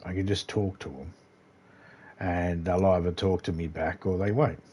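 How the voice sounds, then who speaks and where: A man's voice: low-pitched, fairly even intonation, normal speed, dark tone, breathy edge. A man with an Australian accent chatting casually as he livestreams a game, rambling and laid-back, swearing now and then. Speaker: gaming livestreamer. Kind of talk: casual gameplay commentary.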